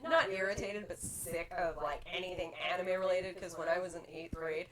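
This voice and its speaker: A young woman chatting casually on a podcast and telling a story with lively, acted-out reactions. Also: on the low side, normal speed. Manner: animated storyteller, acts out her own panicked voice. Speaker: podcast co-host. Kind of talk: casual chat. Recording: noticeable background noise.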